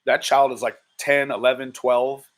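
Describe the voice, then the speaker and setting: A man's voice: mid-range voice, steady tone. Exasperated man on a live stream. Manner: exasperated, swearing, slow disbelieving exclamations. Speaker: commentary streamer.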